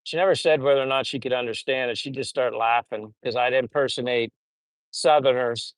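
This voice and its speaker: Brief: middle-aged American man, easygoing livestream host, rambling chat with fillers, smooth clear voice, dry close recording. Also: medium pitch, brisk, dry recording. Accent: General American. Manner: relaxed, rambling, many fillers. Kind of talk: casual livestream chat, reading comments.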